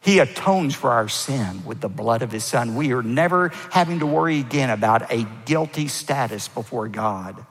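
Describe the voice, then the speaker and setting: Pastor preaching with gravelly emphasis. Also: male voice, expressive, moderate pace, hardly any pauses. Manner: emphatic preaching, rising for stress and dropping low at phrase ends. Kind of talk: sermon. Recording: long hall reverb.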